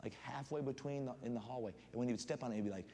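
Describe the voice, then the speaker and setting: A man preaching as a guest pastor in a church, reading scripture aloud and telling animated stories. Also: medium pitch, very fast, gravelly. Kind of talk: sermon. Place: church sanctuary. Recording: long hall reverb, faint room noise.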